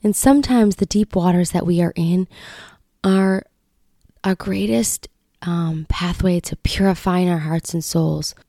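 A woman in her thirties hosts a faith podcast in an earnest, heartfelt voice. She talks low and mellow with a gravelly edge, and often sinks into a near whisper. The recording is dry and close. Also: measured pace, no echo. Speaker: podcast host.

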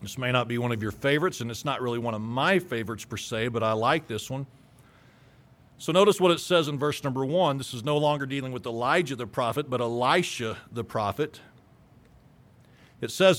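A man's voice: mid-range voice, a little fast, a bit bright. A man preaching a sermon, reading scripture aloud and retelling it with emphatic storytelling.

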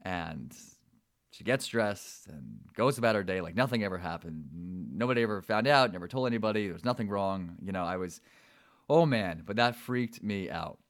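A man's voice: sits low, animated, moderate pace, no echo, studio quality. A young adult man hosting a podcast, telling a personal story in a rambling way with fillers and repeated words. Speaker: podcast host.

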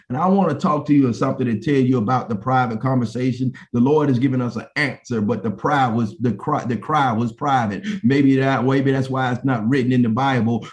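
Preaching man with a repetitive cadence. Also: mid-range voice. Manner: repetitive preaching cadence, rising to an impassioned plea. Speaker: pastor. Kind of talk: sermon.

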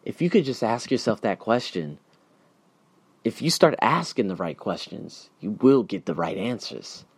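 A man hosting a solo podcast, talking in an emphatic, animated way that swings between loud bursts and quiet reflection. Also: on the low side, unhurried, creaky, husky, no echo. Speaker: podcast host.

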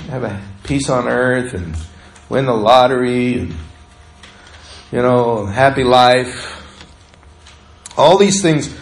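Guy preaching a sermon, kinda high voice, asks the church a lot of questions. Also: poor audio. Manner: preachy, asks the listeners questions, often drops soft and slow. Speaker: pastor.

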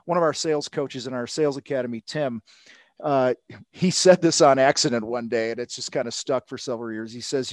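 A man telling a sales story in casual podcast talk, acting out the people he quotes with lively energy. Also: mid-range voice, fairly quick, dry recording. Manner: animated storytelling, acts out quotes. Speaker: sales coach guest.

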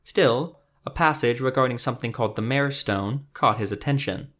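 A man narrating a fantasy story podcast in a measured, scripted storytelling manner. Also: medium pitch, fairly bright tone.

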